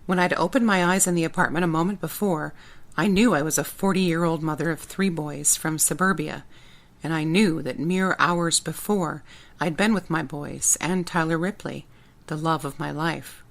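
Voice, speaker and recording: Woman author narrating her audiobook, first person, low and steady. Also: normal speed, gravelly. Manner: plain, steady storytelling.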